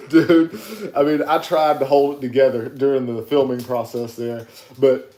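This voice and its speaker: A man from South Carolina, co-hosting a podcast, chatty and quick to laugh. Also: mid-range voice, a little mellow. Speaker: podcast co-host. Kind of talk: casual chat. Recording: roomy echo.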